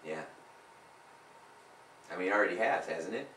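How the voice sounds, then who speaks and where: A man's voice: low voice, expressive, normal speed, sharp tone, slight background noise. A man working as a hypnotist, coaching a client live and pressing points home by repeating phrases with rising force. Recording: roomy sound from a distant mic.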